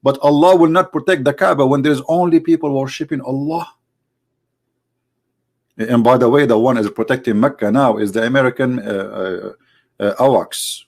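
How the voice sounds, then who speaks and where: In a sarcastic, theatrical live stream monologue, a man from the Middle East with an Arabic accent mocks his subject, swinging between loud, high exclamations and low asides. He speaks at a moderate pace with vocal fry and a slightly mellow tone.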